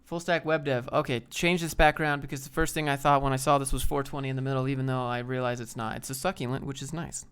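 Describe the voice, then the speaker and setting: A man's voice: mid-range voice, steady tone, fast, hardly any pauses, a bit bright, clear, resonant tone. A man on a live stream, casually reading chat and giving laid-back, rambling career advice. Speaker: streamer answering viewer chat.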